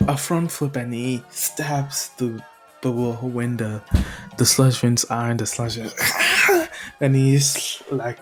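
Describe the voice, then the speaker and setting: Male storyteller, unhurried, rambling, sighs and restarts, faint music bed. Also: mid-range voice. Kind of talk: casual retelling of a fan story.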